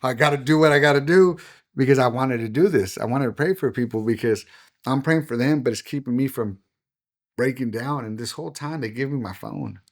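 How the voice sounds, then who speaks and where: A man's voice: mid-range voice, brisk, a little mellow. A middle-aged man, a pastor, telling a story on a podcast and acting out the dialogue he quotes. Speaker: pastor and guest.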